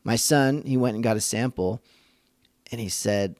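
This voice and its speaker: A man's voice: mid-range voice, normal speed, a little mellow, dry recording, studio quality. A man hosting a faith-based parenting podcast, talking earnestly in a conversational, thinking-aloud way. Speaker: podcast host and father.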